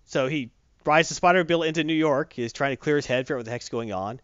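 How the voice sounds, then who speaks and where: A man casually recapping a comic book, animated and rambling, correcting himself as he goes. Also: fairly high pitch, fast, clean tone, no echo, muffled recording.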